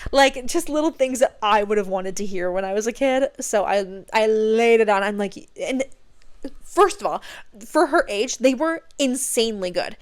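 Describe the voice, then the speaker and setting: A young adult woman hosting a podcast, telling stories in a gushing, excitable way with casual swearing. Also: fairly high pitch, moderate pace. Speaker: podcast host. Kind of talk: casual chat.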